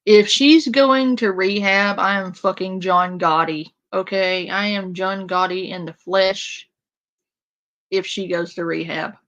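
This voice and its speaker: A woman rants in a slow, unhurried way, sarcastic and crude. Her voice sits in a middle range. The recording is a little dull and lo-fi. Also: medium pitch, fairly even intonation, fairly bright tone. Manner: sarcastic, crude, mocks with a whiny imitation. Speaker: commentary streamer. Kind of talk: casual ranting commentary.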